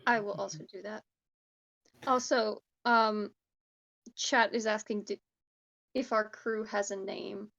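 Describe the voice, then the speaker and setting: A woman's voice: mid-range voice, fairly even intonation, slow pace, creaky, long pauses, fairly bright tone, muffled recording. A woman who plays in a tabletop game, chatting in an amused, giggly way after the session. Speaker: player. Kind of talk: casual post-game chat.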